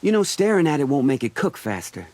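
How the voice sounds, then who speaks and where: A man voicing a teasing, cocky teenage boy who cooks in a video game, with a lively voice. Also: fairly high pitch, fast talker. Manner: teasing, playful.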